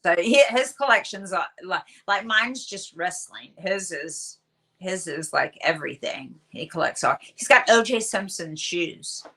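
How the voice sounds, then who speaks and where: A woman in her sixties, a guest on an interview show, telling chatty, animated stories full of fillers. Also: fairly low pitch, measured pace. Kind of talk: casual storytelling interview.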